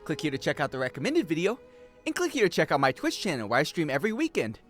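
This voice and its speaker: A male game streamer who rambles and cracks jokes to his chat. His voice sits a little high and swings around a lot. Faint music plays underneath. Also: wildly swooping pitch, quick pace, fairly bright tone. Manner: rambling, joking, talks to chat. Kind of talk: casual game-stream chatter.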